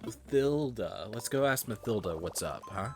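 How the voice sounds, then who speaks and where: A man's voice: fairly low pitch, expressive, normal speed, soft background music. A tired man casually muttering and commenting as he plays a game, swearing now and then. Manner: muttering, swears casually, drifts between loud and quiet. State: tired, yawning. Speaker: gaming streamer.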